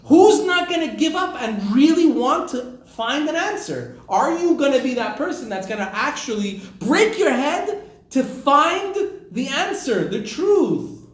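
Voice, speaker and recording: Earnest old rabbi, probing and lively in pitch, as a man puts him on, echoey room. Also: normal speed, exaggerated voice. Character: wise old male rabbi seeking a groom.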